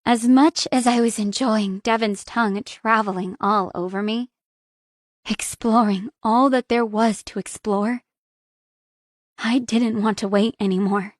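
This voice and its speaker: A young adult woman narrating a first-person romance audiobook in a soft, intimate reading. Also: mid-range voice, no echo, studio quality.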